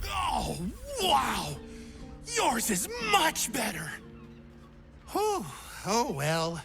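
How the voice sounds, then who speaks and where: Over music, a woman performs a full character voice for a bubbly, silly young adventurer in a video game who keeps sampling new classes. Her on-the-high-side pitch swoops wildly, and she speaks extremely slowly in a playful, theatrical, teasing manner.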